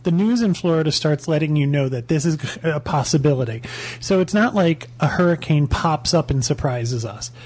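A man with a somewhat high voice co-hosting a podcast. He explains in a calm, reassuring, matter-of-fact way. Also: moderate pace. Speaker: podcast co-host. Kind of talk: casual podcast chat.

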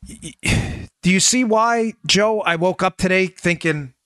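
A man hosts a political podcast, delivering emphatic commentary packed with rhetorical questions aimed at his listeners. His high-pitched voice is a little slow, fairly bright, clear, and resonant. The recording is dry, clean studio sound.

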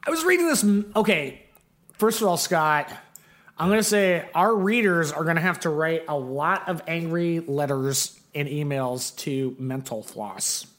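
A man's voice: fairly high pitch, animated, a little slow, fairly bright tone. A man co-hosting a podcast in casual chat, rambling with many fillers as he tells a story. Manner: rambling, lots of fillers and restarts. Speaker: podcast co-host.

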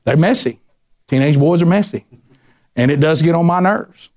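A middle-aged man preaching a sermon, telling lively personal stories and acting out the voices in them. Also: a little high, moderate pace. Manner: animated storyteller, acts out voices, ranting bursts.

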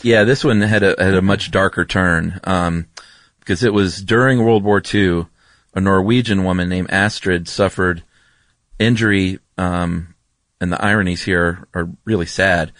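A man co-hosting a podcast, relaxed and rambling as he explains things. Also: deep voice, measured pace, no room sound. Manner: relaxed, rambling, lots of ums and asides. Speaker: podcast co-host. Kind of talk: casual chat.

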